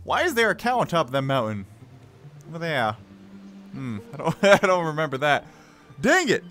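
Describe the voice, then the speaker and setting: A man hosting a gaming video, playing a virtual reality fishing game with excitable, playful running commentary, laughing and talking to the fish. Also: a little high, normal speed.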